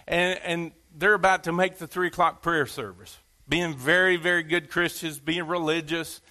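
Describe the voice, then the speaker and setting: Male pastor, sermon; high, bright voice, folksy storyteller with asides.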